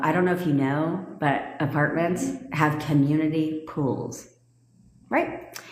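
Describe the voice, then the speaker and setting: Brash, profane woman with a low voice. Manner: laughs often while telling the story. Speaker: manifestation coach. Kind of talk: casual livestream talk. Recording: echoey room with long reverb.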